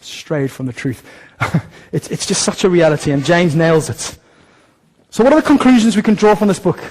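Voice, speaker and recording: A male pastor delivering a sermon in a high, lively voice. He preaches animated and direct, slipping into short acted-out voices to make his points. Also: brisk, big-room sound, rough recording. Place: church hall.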